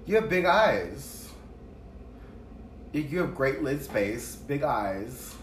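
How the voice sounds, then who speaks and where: A man chatting casually and telling animated stories while doing makeup with a friend. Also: mid-range voice, slow. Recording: echoey room, distant mic, noisy background.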